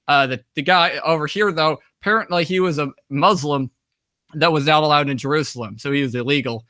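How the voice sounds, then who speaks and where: Bright-voiced young American man rambling. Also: a little high, fairly quick, no room sound, clean studio sound. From United States. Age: young adult. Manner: rambling, with many fillers and restarts; acts out quoted dialogue in conversation. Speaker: interview guest. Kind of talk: casual storytelling.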